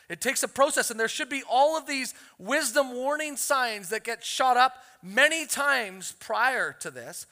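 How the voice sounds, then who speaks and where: A man preaching a sermon as a pastor, telling family stories in an animated way and acting out the quotes. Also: very high voice, normal speed, few pauses. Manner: animated storytelling, acts out quotes. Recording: long hall reverb.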